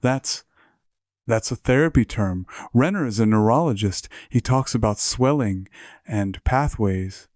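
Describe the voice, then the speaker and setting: A man's voice: medium pitch, a little slow, a little mellow, dry recording, studio quality, lightly acted. A man voicing a frightened young woman whose voice is tight and on edge. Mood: alarmed.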